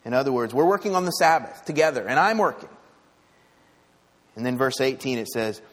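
In a church sanctuary, a pastor preaches with a conversational yet emphatic style, often posing rhetorical questions to the congregation. His mid-range voice is animated, fairly quick, and fairly bright, echoing in a large hall.

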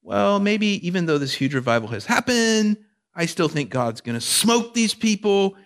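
Indignant resentful prophet voiced by a male preacher, raised pitch, sermon aside. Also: sing-song, normal speed.

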